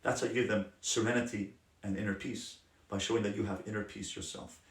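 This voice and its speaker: Rabbi giving a passionate roomy lesson. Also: male voice, on the low side, fairly even intonation, fairly quick. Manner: passionate, emphatic, drops to soft gentle tones. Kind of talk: Torah class on parenting. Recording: roomy sound from a distant mic.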